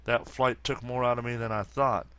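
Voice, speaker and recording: A man reading aloud the lines of a weary young superheroine in a flat, plain delivery, with few pauses. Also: medium pitch, clear, resonant tone, no room sound, natural voice. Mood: tired.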